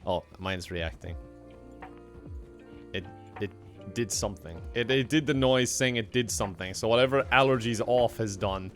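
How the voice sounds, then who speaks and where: A young man streams a game, chatting casually, laughing often and reading out donations. His voice is on the low side at normal speed, with faint music behind him.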